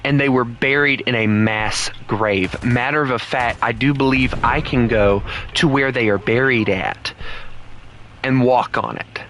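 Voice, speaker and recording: A man's voice: mid-range voice, a little slow, a bit bright, slight background noise, low-quality recording. Blunt Southern man ranting on stream. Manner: rambling and opinionated; blunt, heated rants. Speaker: game streamer. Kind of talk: casual live-stream chat.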